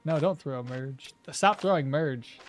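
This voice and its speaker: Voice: medium pitch, measured pace, faint music behind. A gameplay streamer giving casual commentary, chatting with viewers, reading out chat and laughing at their own jokes.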